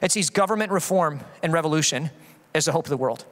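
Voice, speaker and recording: Male pastor, sermon, animated, acts out quotes, fast, high-pitched, echoing hall.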